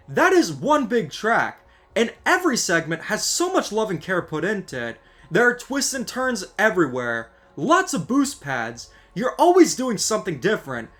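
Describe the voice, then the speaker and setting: A man's voice: sits high, a bit bright. A man delivering a scripted, exasperated and sarcastic rant as a gaming video creator. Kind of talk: scripted ranting commentary.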